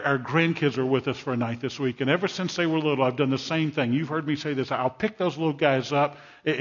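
A man's voice: mid-range voice, slightly rough. An older man, a pastor, preaching a sermon with emphatic delivery and storytelling asides. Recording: dull lo-fi sermon recording.

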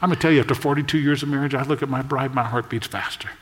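A man in his sixties preaching a sermon, storytelling in a conversational way with jokes and quick asides. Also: medium pitch, steady tone. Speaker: pastor. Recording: long echo of a large hall.

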